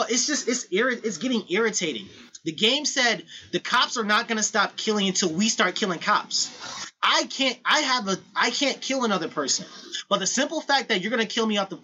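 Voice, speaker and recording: A man co-hosting a podcast, talking heatedly in casual chat, profane and emphatic, with a husky voice. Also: sits high, sharp tone. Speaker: podcast co-host. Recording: dull lo-fi recording.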